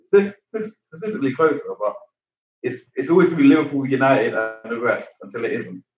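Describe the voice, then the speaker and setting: A man's voice: mid-range voice, very animated, fairly quick. A young man from England with a London accent, co-hosting a casual football watchalong and joking and laughing often. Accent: London English. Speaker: fan channel co-host. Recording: roomy, distant, dull lo-fi sound.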